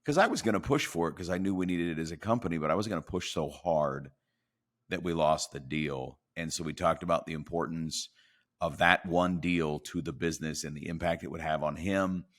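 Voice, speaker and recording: Very deep-voiced man telling a sales story. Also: a little fast. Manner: animated storyteller acting out dialogue. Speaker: podcast guest. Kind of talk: storytelling in a podcast interview.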